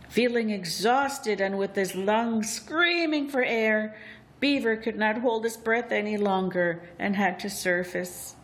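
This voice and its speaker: A woman telling a legend as a storybook narration, with deliberate, expressive, drawn-out phrasing. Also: medium pitch, a little hiss or hum.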